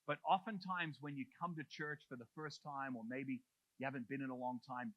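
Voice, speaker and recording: A man's voice: a little high, pushed and bright, no echo, low-quality recording. A male pastor preaching a conversational sermon in church, often saying "like" and retelling the story in his own words.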